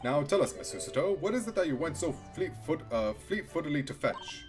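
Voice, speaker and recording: Woman as eccentric gentleman sleuth, lowered voice, theatrical and smug. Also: expressive, fairly quick, over music.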